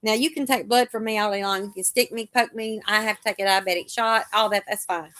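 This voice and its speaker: A middle-aged woman hosts a casual live chat. She tells long chatty stories and acts out what the doctors told her. Her voice sits at a middling pitch. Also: fairly even intonation, fairly quick, fairly bright tone.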